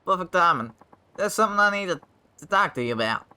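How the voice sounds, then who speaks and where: A man voicing an excitable man on the run who keeps calling his listener boy, in a raised, pleading voice. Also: high-pitched, fast, clear, resonant tone, pitched above the performer's own voice, full character voice. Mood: eager. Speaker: game character voiced by a player.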